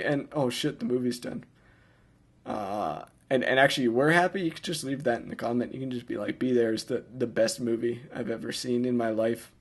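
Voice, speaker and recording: Husky young man, rambling and self-mocking. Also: medium pitch. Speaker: film director giving commentary. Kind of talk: casual director's commentary.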